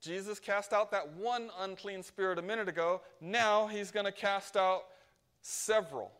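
Casting: high-pitched male preacher, emphatic sermon delivery. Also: moderate pace, a bit bright, smooth. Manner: emphatic, keeps asking "right?".

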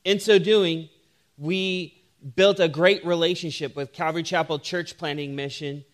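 A man's voice: fairly high pitch, a little slow. A man, a pastor, preaching a sermon that opens with a humorous personal story and moves into teaching. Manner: humorous storytelling, animated when telling the joke.

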